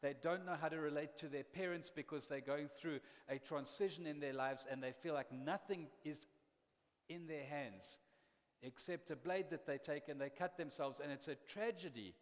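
A man preaching a sermon in a church, earnest and conversational, shifting into animated bursts. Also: on the high side, normal speed, in a large hall.

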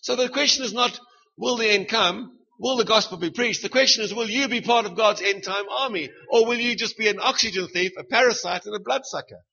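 A middle-aged man with a South African accent preaches in a lively, joking way, throwing question after question at his listeners. His voice sits high and bright with a husky edge. The recording sounds dull and lo-fi. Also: fairly quick. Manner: lively, punchy, humorous preaching with rhetorical questions. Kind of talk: sermon.

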